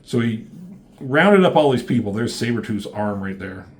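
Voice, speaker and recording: A man casually recapping a comic issue, rambling and reading panels aloud with quick voiced quotes and casual swearing. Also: mid-range voice, lively intonation. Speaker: comic book reviewer.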